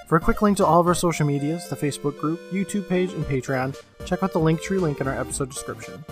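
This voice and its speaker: A man co-hosting a podcast, reading upbeat announcements and recapping a TV episode in a loose, chatty way. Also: a little high. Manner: upbeat, rapid scripted announcements, then a loose plot recap. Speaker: podcast co-host.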